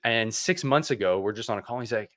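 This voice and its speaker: A man's voice: on the low side, fast. Sarcastic man hosting a livestream. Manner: animated, sarcastic ranting. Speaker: host. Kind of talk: casual livestream chat.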